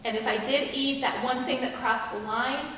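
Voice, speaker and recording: A woman's voice: high-pitched, fairly even intonation, fairly bright tone, a little hiss or hum. Middle-aged woman chapel speaker, earnest confiding testimony, recorded from a distance in a reverberant hall. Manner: earnest, confiding, pauses and restarts. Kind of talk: personal testimony talk. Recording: echoey hall from a distant mic.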